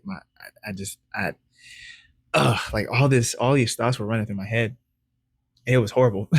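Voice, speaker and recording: A man with a low, slightly husky voice tells a personal story straight to camera. He gets animated as he acts out his own past thoughts and often laughs. The sound is close and dry, with no room echo. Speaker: credit educator vlogger.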